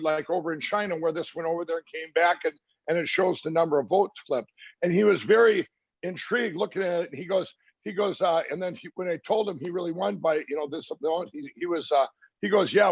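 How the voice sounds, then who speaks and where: A middle-aged man with a gravelly, raised voice tells a story in an interview. He stumbles, restarts and fills pauses as he recounts what others said. The sound is dry and somewhat muffled. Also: fairly high pitch, no echo. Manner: halting, many restarts and fillers, quoting others. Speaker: interview guest.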